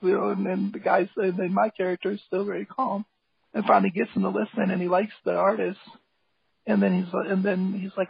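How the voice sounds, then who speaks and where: A man's voice: sits high, level tone, fairly quick, creaky, slightly rough. A man guest talking casually and eagerly about his music, rambling with lots of fillers. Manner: rambling, filler-heavy, enthusiastic. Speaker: guest, hip hop artist and graphic designer. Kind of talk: casual interview talk. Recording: dull lo-fi call audio, dry.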